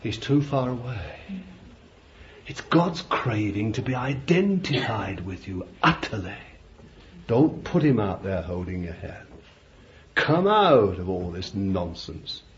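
An English preacher delivers a fervent sermon at an unhurried pace. His voice climbs high in bursts of exhortation, then drops to quiet, confiding asides. The recording is dull and lo-fi, with faint hiss underneath. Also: very animated. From England.

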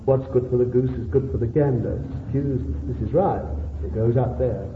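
A male preacher from England delivers a sermon in a middle-pitched voice, pleading with his listeners through rhetorical questions before rising into fervent exhortation. The recording is narrow and phone-like, full of room echo from a church hall, with a faint hiss beneath. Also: normal speed. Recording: echoey, phone-like old sermon tape.

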